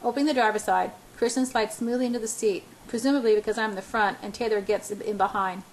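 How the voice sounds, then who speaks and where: A woman's voice: medium pitch, fairly even intonation, fast talker, slight background noise, poor audio. Woman reading a novel aloud, stumbling. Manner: frequent stumbles and restarts. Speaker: audiobook reader. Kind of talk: first-person novel narration.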